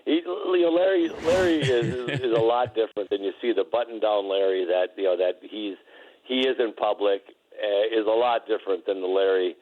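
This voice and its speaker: A man's voice: lowish voice, normal speed, darkish tone, rough recording. A middle-aged man, a former basketball player, telling laughing anecdotes in a casual interview, with lots of restarts.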